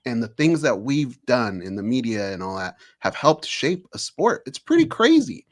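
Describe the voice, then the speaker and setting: A man's voice: medium pitch, sing-song, moderate pace. A man co-hosting a sports roundtable, ranting with passion and owning that he sounds whiny. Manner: impassioned, self-aware complaining. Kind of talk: passionate rant.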